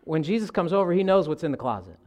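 A man, preaching a sermon with animated delivery and calling the congregation "y'all.". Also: a little high, fast talker. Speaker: pastor.

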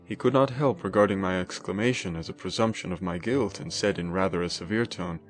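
A man's voice: low voice, a little fast, hardly any pauses, faint music behind. A man narrating a classic novel as an audiobook in a dramatic, emotive first-person reading.

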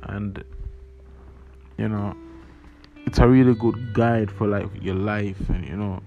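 A man's voice: lowish voice, steady tone, slow, gravelly, mellow. A young man raised in Jamaica talks casually as a podcast host, hesitant and full of fillers. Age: young adult. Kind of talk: casual spoken reflection with readings. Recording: dull lo-fi recording over guitar music. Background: plucked guitar music.

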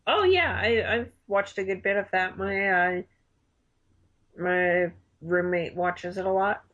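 Twenties, middle pitch, relaxed and enthusiastic casual talker. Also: slow, lo-fi sound. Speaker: conversation partner. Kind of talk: casual chat.

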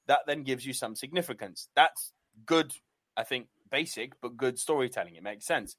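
A young man co-hosting a casual podcast chat, animated and swearing freely. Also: mid-range voice, moderate pace, no echo. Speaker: wrestling podcast co-host.

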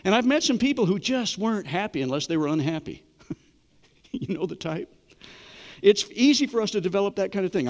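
Pastor, middle-aged man, slightly higher voice, chatty sermon delivery, long church reverb. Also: lively intonation, moderate pace, long pauses, darkish tone. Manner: conversational preaching, asks the congregation questions.

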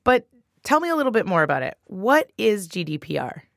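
Host: woman, bubbly and playful news podcast voice, mid pitch, dry studio sound. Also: very animated, a little fast, vocal fry, no echo. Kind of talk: upbeat news podcast hosting.

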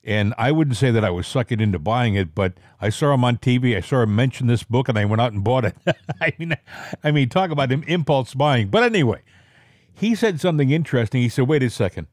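A man hosting a casual political talk show, rambling with halting restarts. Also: mid-range voice, animated, dry recording, studio quality. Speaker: podcast host.

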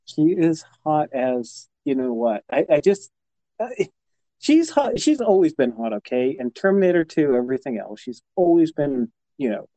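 Hesitant, rambling man with a lively voice. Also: fairly high pitch, normal speed, no echo, highs cut off. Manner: rambling, hesitant, easily flustered. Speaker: podcast co-host. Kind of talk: casual chat.

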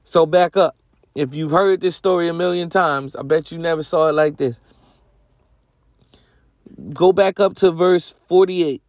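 A man's voice: a little high, fairly even intonation, a little slow, pauses often, no echo. A man hosting a podcast, teaching the Bible in a casual, rambling way with lots of slang and self-corrections. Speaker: podcast host.

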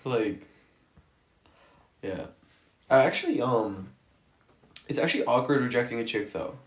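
A man's voice: medium pitch, animated, a little slow. A young man in casual chat, crude and joking, laughing often. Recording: echoey room.

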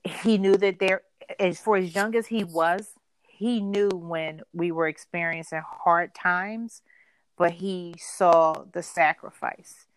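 A woman's voice: lowish voice, steady tone, slow pace, clean tone. A woman from Philadelphia, a podcast guest, telling a personal story in a heartfelt, reflective way, laughing now and then.

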